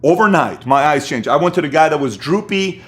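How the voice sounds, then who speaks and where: A man's voice: a little high, animated, fairly quick. Man telling his story with emphatic swings. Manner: emphatic, shifts from hushed to punchy bursts. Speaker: motivational speaker. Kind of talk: personal storytelling talk.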